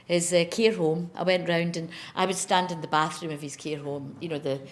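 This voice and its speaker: Scottish woman, slightly low voice, chatty interviewee who declaims verse emphatically. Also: level tone, moderate pace. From Scotland. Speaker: poet interviewed on stage. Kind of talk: conversational chat and poetry reading.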